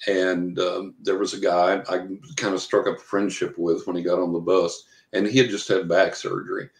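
In an echoey room, an older man with a low voice and level tone tells long interview anecdotes at a normal speed. He's a guest psychic investigator who leans on fillers and acts out quoted lines.

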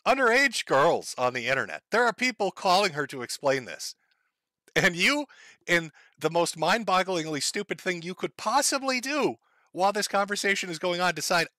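A man's voice: sits high, sing-song, fairly quick, sharp tone, no room sound. A man hosting a live stream who gives crude, sarcastic and mocking commentary into a home mic. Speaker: streamer host.

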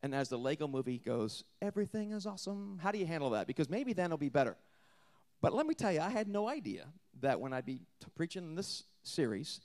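A male pastor preaching a sermon, moving between loud emphasis and hushed passages, often repeating words as he restarts. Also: on the high side. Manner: animated, dramatic swings between loud emphasis and hushed delivery.

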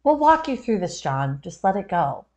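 A woman's voice: medium pitch, very animated, moderate pace, darkish tone. A woman co-hosting a casual comedic reaction show, gushing and teasing with frequent laughs. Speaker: co-host reacting to concert footage.

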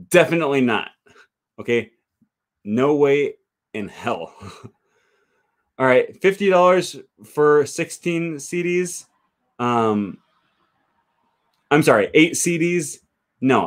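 A man's voice: medium pitch, animated, takes it slowly, pauses often. A man who teaches languages, talking casually on a livestream and answering viewer comments, thinking aloud with frequent fillers. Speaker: language teacher and channel host.

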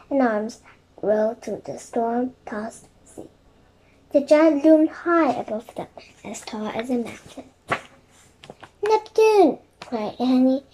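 High-voiced woman narrating a kids' chapter book aloud, gentle and quiet. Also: rough recording. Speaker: storybook reader.

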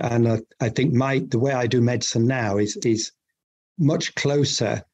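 Middle-aged English man, husky voice, thoughtful and earnest doctor in conversation. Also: medium pitch, a little mellow. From England. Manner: earnest, thoughtful, halting restarts. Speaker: GP guest. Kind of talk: casual interview chat.

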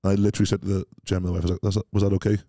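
A man's voice: sits low, level tone, very fast, mellow, no room sound, clean studio sound. A Welsh man telling rambling, self-doubting stories as a guest in a casual interview, swearing bluntly. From Wales. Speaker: podcast guest.

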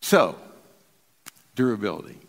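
An older man, a pastor preaching an emphatic sermon from the pulpit, swinging between raised and hushed delivery. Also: fairly low pitch, sing-song, a little slow, vocal fry, big-room sound. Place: large church sanctuary.

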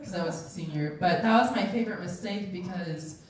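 A woman in her twenties telling a true personal story on stage, animated and laughing, acting out the voices of the people in it. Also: lowish voice, a little fast. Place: event room, audience. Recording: very echoey room, voice from a distance.

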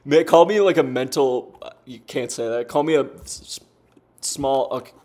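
A man's voice: medium pitch, normal speed, a little mellow. Frustrated swearing young man gaming. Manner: frustrated, swearing, rambling with fillers. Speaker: gaming streamer. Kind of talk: casual commentary while playing.

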